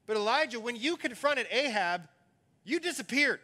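A man's voice: lively intonation, a little slow, full character voice. A pastor voicing an anxious, pleading male servant. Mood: indignant. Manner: earnest, pleading, higher and louder.

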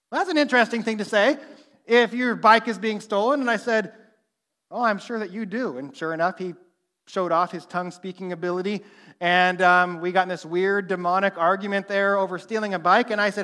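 A young man preaching a sermon, telling stories with lively acted-out quotes and dropping to a hush for emphasis. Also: high voice, a little fast. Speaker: pastor.

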